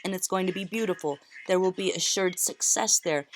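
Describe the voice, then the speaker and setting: A woman's voice: on the low side, brisk, a little hiss or hum. Tearful woman giving a tarot reading. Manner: earnest, emotional, repeats phrases for emphasis. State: near tears. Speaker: tarot reader.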